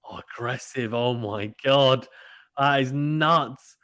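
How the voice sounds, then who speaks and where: Male streamer, casual excitable play-by-play, dry booth sound. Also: mid-range voice, slow, dry recording. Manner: chatty, excitable, uses British slang. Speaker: live tennis stream commentator. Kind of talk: casual live play-by-play commentary reading chat.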